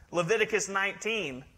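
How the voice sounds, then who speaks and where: A male pastor preaches a humorous sermon, joking conversationally and teasing his congregation. His voice sits high and is bright and forceful, with lively intonation and a slightly slow pace.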